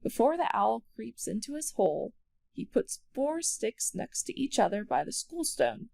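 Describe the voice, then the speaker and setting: A woman narrating a children's storybook aloud with expressive storytelling. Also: a little high, moderate pace, vocal fry.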